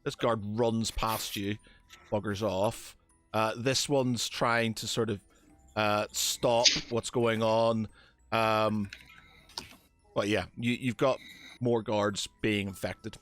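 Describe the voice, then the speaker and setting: Man running a tabletop game, low and slow, stumbling through fillers, faint music behind. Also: fairly even intonation, a bit bright, no room sound. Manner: hesitant, many fillers and restarts. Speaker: game master.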